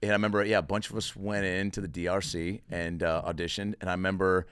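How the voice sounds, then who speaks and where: A man's voice: low-pitched, fast talker, smooth, no room sound, studio quality. A man hosting a podcast, chatting and joking casually with his guest. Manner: relaxed, chummy, joking. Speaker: podcast host. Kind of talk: casual interview chat.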